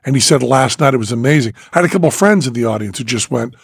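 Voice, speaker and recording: A man's voice: mid-range voice, lively intonation, rapid-fire, creaky, husky, dry recording, clean studio sound. An older man with a sore throat, telling a story in casual chat and acting out the other people's lines. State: sore throat after a procedure. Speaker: podcast host.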